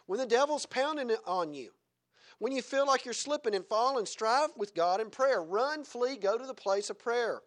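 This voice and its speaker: A man with a notably high voice preaches a sermon. He drives his points home loudly, then drops into quiet, chuckling asides to the congregation. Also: lively intonation, normal speed. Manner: swings between loud exhortation and quiet chuckling asides.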